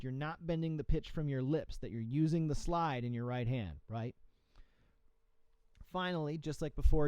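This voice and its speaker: A man's voice: on the high side, a little mellow, clear, resonant tone, no echo. A man, a music professor, giving coaching tips in an instructional podcast and checking in often with "okay?" and "right?". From USA.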